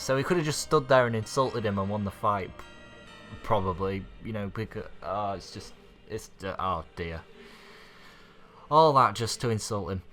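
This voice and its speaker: A man's voice: fairly low pitch, lively intonation, normal speed, a bit bright, soft background music. A man recapping an anime episode in a casual, rambling way, full of fillers and little laughs. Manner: rambling, filler-heavy, chuckles often. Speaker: YouTube anime reviewer.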